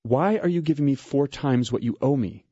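A man voicing a suspicious, hot-tempered man in a dramatic story reading, sharp and clipped. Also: medium pitch, normal speed, breathy edge, no echo, lo-fi sound, pitched above the performer's own voice, natural voice.

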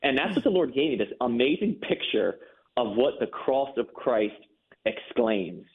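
A man's voice: medium pitch, very animated, measured pace. Earnest man on a tinny phone line. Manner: earnest and emphatic, repeats words when moved. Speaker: interview guest. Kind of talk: personal testimony in a faith interview.

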